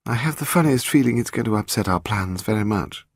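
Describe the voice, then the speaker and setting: A man's voice: lowish voice, expressive, fairly quick, no room sound, studio quality, voice pushed up. A man reading an audiobook voices a playful, impish young woman who coaxes and teases her husband, raising his voice for her. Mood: rueful. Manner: coaxing and impish. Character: playful, teasing young woman, a sleuth's wife.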